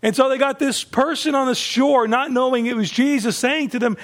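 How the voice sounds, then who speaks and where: High-voiced animated male preacher. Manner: animated, acts out the disciples' voices; drops to a hushed, slow voice for emphasis. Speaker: pastor. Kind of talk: sermon.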